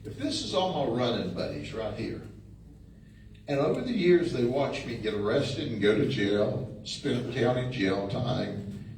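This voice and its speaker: A man's voice: mid-range voice, very animated, a little slow, a little mellow. A middle-aged man with a drawl tells down-home stories to a room, mimicking the people in them and chuckling along. He sounds far from the mic in a very echoey space, with a faint hum underneath. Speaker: sheriff giving a talk. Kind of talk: folksy storytelling speech. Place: meeting room.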